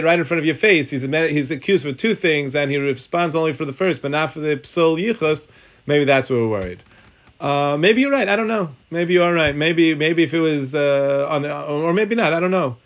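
Higher-voiced man teaching a Talmud class. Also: fairly bright tone. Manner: thinking aloud, restarting sentences, mixing Hebrew terms into English.

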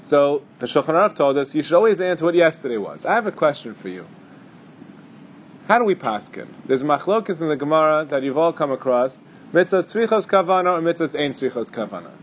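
A man's voice: a little high, sing-song, a little fast, a little hiss or hum. A man teaching a casual halacha class, thinking aloud with fillers and restarts. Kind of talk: casual Torah class lecture.

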